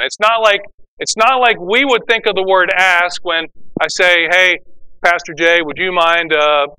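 A pastor preaching a sermon, explaining scripture and acting out the voices of the people in it. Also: male voice, high-pitched, smooth, low-quality recording. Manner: animated preaching, acts out quoted voices.

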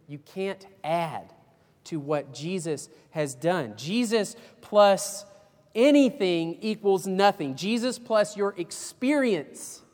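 A man's voice: sits high, a bit bright, big-room sound. A man preaching a sermon as pastor, folksy and emphatic, with homespun illustrations.

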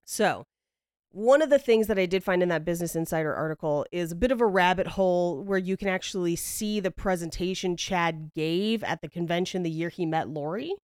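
A woman hosts a podcast and tells the story in loose conversation, wry and a little profane, laughing as she goes. Her voice is smooth and clear. The sound is close and dry, with no room around it. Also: on the low side, brisk, a little mellow, no room sound. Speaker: podcast host. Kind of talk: casual storytelling chat.

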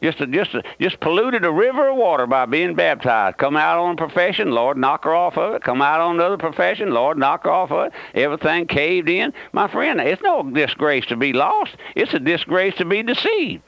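A man's voice: fairly high pitch, very animated, normal speed, vocal fry, few pauses, dry recording. A man preaching a radio sermon as pastor, fervently and repeatedly questioning his listeners. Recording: dull lo-fi dry radio broadcast.

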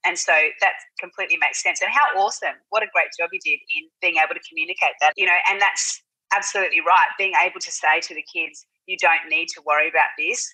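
Woman guest, 30s, earnest and reassuring; husky, bright tone, dry sound. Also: lowish voice, fast talker, no echo, low-quality recording. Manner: earnest, reassuring, many fillers. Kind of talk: casual chat.

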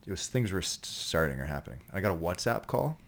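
Man, very low voice, rambling profane storyteller, podcast guest. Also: sing-song, fast, gravelly, fairly bright tone. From Canada. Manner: profane, rambling, with many restarts. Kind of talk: casual storytelling chat.

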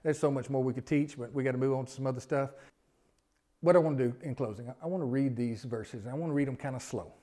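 A man preaching a sermon, earnest, often repeating his words and swinging from loud emphasis to a hushed voice. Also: medium pitch, fast talker. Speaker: pastor.

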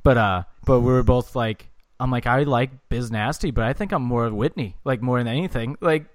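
A man's voice: mid-range voice, fairly quick, dry recording, studio quality. A young man co-hosting a podcast in casual, profane chat, full of "like" fillers. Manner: loose, profane, lots of "like" fillers. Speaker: podcast co-host.

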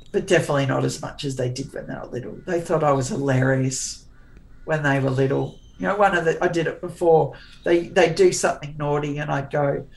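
A woman's voice: deep voice, vocal fry, poor audio. A woman in her forties, a guest author, chatting candidly in an interview in a forthright, sarcastic way, often restarting her sentences.

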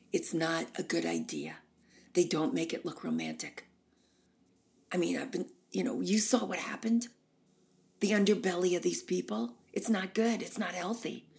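A woman's voice: lowish voice, creaky, darkish tone. A woman hosting a comic monologue, chatty and emphatic, rambling from one point to the next. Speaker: host.

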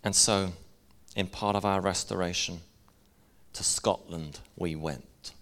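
A man's voice: lowish voice, unhurried, a bit bright. A middle-aged man, preaching a sermon in an earnest, conversational way and sharing personal stories. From Northern Ireland. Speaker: pastor.

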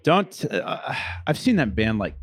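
A man's voice: mid-range voice, big pitch swings, measured pace, husky. A man co-hosting a casual music podcast, chatting in a laid-back way and laughing often. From Orlando area. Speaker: podcast co-host, music producer. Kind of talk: casual chat.

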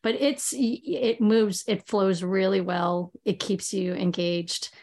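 A woman and podcast co-host in a casual discussion, talking with quick restarts. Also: medium pitch, fairly even intonation, a little mellow.

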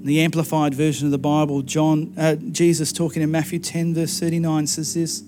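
A man's voice: fairly high pitch, monotone, moderate pace, music in the background. A man preaching a sermon in an earnest, conversational way who often repeats words as he speaks. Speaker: pastor.

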